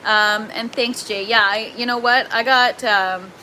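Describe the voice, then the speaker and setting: A chatty young Canadian woman hosts a gardening livestream, excitable and quick to laugh as she answers viewers. Her voice is bright and a little high. A faint hum of the room sits behind her. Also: rough recording. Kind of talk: casual livestream chat, reading viewer comments aloud.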